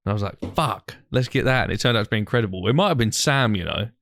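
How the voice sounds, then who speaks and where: A man's voice: lowish voice, lively intonation, rapid-fire, fairly bright tone, no echo. A young man, co-hosting a podcast and telling rambling, sweary stories in casual banter. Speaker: podcast co-host.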